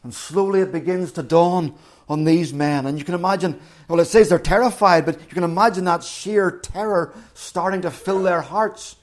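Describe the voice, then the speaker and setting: A man's voice: sits high, normal speed. A middle-aged man preaching a sermon, retelling a story dramatically and acting out the quotes.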